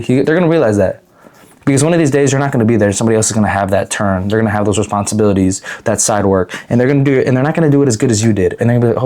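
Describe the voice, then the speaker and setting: Brief: male vlogger, rapid delivery, blunt and foul-mouthed, rambling life advice. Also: medium pitch, a little mellow. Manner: blunt and profane, rambling with restarts. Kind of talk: casual advice monologue.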